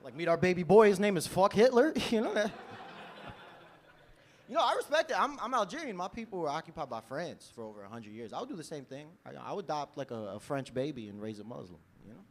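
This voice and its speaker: A young New Yorker in his 20s works a comedy club stage, his voice sitting on the high side and moving quickly. His stand-up is lively and loose, peppered with "you know?" and his own laughter at the jokes.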